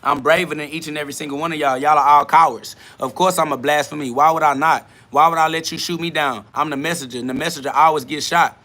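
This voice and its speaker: A man's voice: on the high side, fairly even intonation, quick pace, few pauses, sharp tone. A young man hosting a podcast, answering live chat in a blunt, profane, lecturing monologue. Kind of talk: preachy live-stream monologue.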